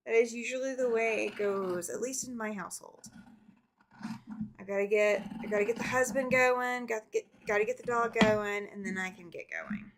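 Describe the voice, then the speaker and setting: Sewing on a laid-back livestream, this middle-aged quilter chats, reads out viewer comments and laughs frequently. Her voice is a little high, and a bit of background noise can be heard.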